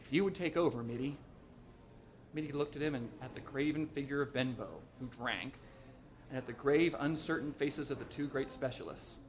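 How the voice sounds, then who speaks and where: A man reading a short story aloud as narrator, in an even, measured way. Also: medium pitch.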